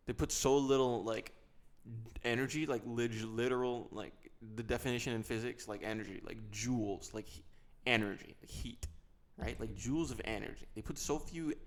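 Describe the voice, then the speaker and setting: A man hosts a casual solo podcast and drifts from one story to the next, often making fun of himself. His mid-pitched voice carries a steady gravelly fry. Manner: rambling, joking, self-mocking. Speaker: podcast host.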